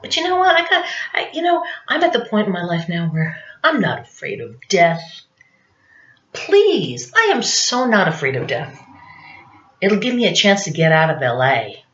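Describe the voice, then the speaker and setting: A woman's voice: on the low side, very animated, fairly quick, few pauses, a bit bright, a little hiss or hum. A woman in her fifties doing a rambling, confessional comic monologue, forever asking "you know what I'm saying". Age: 50s. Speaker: stand-up comedian. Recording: roomy, dull lo-fi recording.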